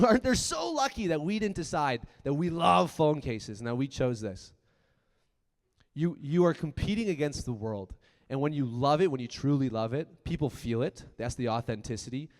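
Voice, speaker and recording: A man giving a profane, punchy motivational keynote talk, swinging from loud bursts to quiet asides. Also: medium pitch, animated, moderate pace. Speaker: conference speaker. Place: large conference hall. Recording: long hall reverb.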